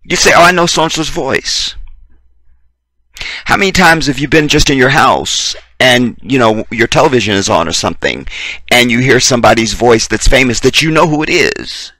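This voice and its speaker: A man's voice: medium pitch, moderate pace, pushed and bright, no room sound. A man giving a preachy commentary monologue, emphatic and profane, speaking straight to his listeners. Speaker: video commentator.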